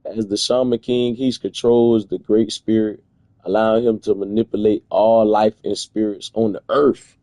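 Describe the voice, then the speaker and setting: Gravelly dude w/ going off in disbelief on stream, mellow tone. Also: male voice, lowish voice, flat delivery, moderate pace, no room sound. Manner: incredulous, profane, rambling rants. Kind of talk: casual reaction commentary.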